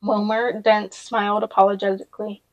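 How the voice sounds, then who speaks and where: A woman reads a novel aloud at a middle pitch and drops in casual personal asides. The recording is close and dry, with no room sound. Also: flat delivery, normal speed, no room sound, low-quality recording. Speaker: audiobook reader.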